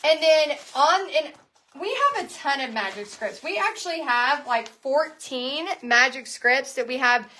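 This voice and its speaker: High, bright, bubbly woman painting host. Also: animated, measured pace. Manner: bubbly, gushing, chatty. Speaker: paint party business coach and painting host. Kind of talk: live painting lesson with casual chat.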